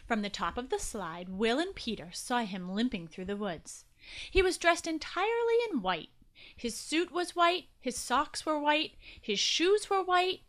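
A woman hosting and narrating a children's story show with an animated, expressive reading. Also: high-pitched, a little slow.

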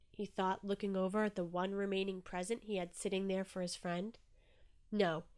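A woman narrating a children's storybook with a gentle, expressive reading. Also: mid-range voice.

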